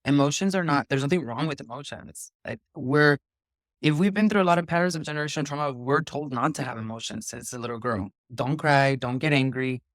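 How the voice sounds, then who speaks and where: Guy hosting a chill spiritual chat, thoughtful and earnest, kinda halting, dry close sound. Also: fairly high pitch, a bit bright, no room sound. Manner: reflective, earnest, halting restarts. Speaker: podcast host. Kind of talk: casual spiritual conversation.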